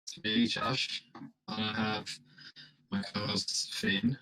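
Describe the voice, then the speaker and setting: A young Irish man hosting a casual podcast with his friends, talking in an upbeat, energetic way. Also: on the low side, slow pace, over music, poor audio. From Ireland. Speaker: podcast host.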